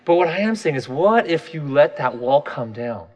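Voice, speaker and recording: A man's voice: fairly high pitch, sing-song, normal speed, a little mellow. A man in his thirties giving a candid, self-deprecating personal talk, often restarting his sentences.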